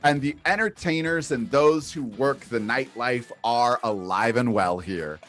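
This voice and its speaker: A man's voice: mid-range voice, faint music behind. A man running a tabletop role-playing game as game master, narrating scenes and calling for dice rolls. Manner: lively storytelling with quick put-on voices.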